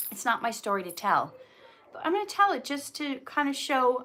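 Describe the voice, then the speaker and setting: A woman hosting a casual livestream, clearing her throat often and restarting her sentences as she tells a personal story, sounding teary. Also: on the high side, sharp tone. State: teary, emotional. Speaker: YouTube channel host answering viewer questions.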